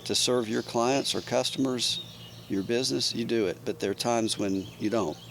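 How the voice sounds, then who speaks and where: A man in his sixties speaking in a measured, thoughtful way during a casual chat. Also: medium pitch, creaky, a little hiss or hum. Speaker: guest, brother. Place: mountain cabin.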